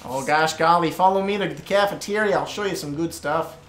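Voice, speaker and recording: A man's voice: on the high side, fairly quick, a bit bright, echoey room, faint music behind, lightly acted. A man voicing a chummy Canadian school prefect with a folksy manner.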